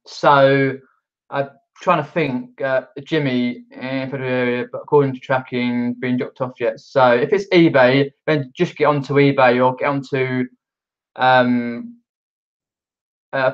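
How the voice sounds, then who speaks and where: A man's voice: mid-range voice, lo-fi sound. A man from just outside London with a Mockney accent, chatting casually on a live stream and reading out viewer comments, rambling with lots of fillers. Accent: Mockney, outer London. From England.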